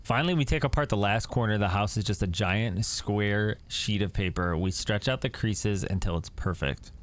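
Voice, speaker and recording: A man reading a text adventure aloud and breaking in with jumpy, excitable reactions. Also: on the low side, normal speed. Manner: reads story text then reacts with jumpy, excitable commentary. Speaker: gaming YouTuber.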